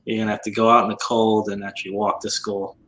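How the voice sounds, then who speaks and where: Chatty man with a bright, forceful voice. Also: fairly low pitch, flat delivery, quick pace, slight background noise, low-quality recording. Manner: chatty, tells stories about his kids. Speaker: podcast guest. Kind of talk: casual chat. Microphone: video call.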